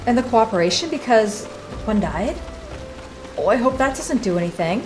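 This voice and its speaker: Emotional young woman streamer, lively. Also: fairly high pitch, normal speed, music in the background. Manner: emotional, sighing, reacting to the story. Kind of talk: casual let's-play commentary.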